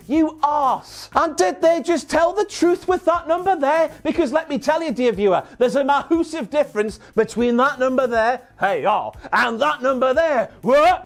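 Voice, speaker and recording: A man with a strikingly high voice for a man delivers a comedic wrestling recap. His banter is cheeky and sweary, full of mock outrage aimed at the viewer. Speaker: wrestling show recap host.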